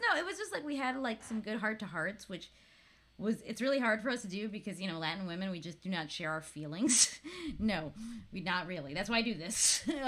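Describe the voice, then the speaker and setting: Woman, 30s, from Florida, casual vlog chat, laughs a lot, swears freely, bright voice, high and lively pitch. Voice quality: laughs often, swears casually, animated storytelling. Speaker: vlogger.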